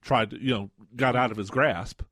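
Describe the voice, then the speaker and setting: A man's voice: medium pitch, steady tone, moderate pace, a bit bright, dry recording. A man co-hosting a radio talk show, telling jokey stories in a rambling way with plenty of fillers. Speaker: radio co-host. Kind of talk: casual radio chat.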